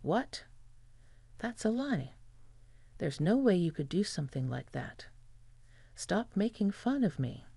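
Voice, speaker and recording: A gravelly, dark-toned husband figure, callous and quick to panic, as a storyteller puts him on. The voice sits close and dry, with no room around it. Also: male voice, sits high, sing-song, dry recording, exaggerated voice. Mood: defensive. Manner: pleading then dismissive.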